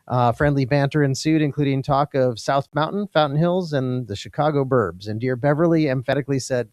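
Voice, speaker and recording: Man, church service leader, measured spoken affirmation, dry close sound. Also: mid-range voice, a little mellow, dry recording. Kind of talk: church announcements and offering. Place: church sanctuary.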